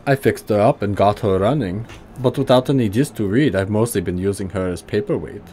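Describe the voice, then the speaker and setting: A man voicing a stout, gruff but kindly old tinkerer with a heavy put-on German accent, reading game dialogue. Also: fairly low pitch, a little fast, dark tone, a little hiss or hum, lightly acted. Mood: gruff friendly.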